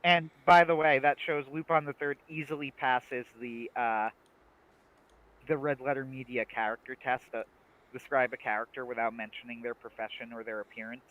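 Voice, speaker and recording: A man's voice: medium pitch, flat delivery, normal speed, narrow, tinny audio. A man co-hosting a livestream, chatting casually and making emphatic, opinionated points. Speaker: livestream co-host. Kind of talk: casual chat.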